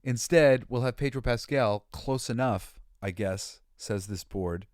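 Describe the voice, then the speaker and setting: A male podcast host rambles through a casual, opinionated monologue packed with fillers, restarts and exasperated sighs. His mid-range voice is a little slow and slightly mellow, captured in studio quality with no room sound.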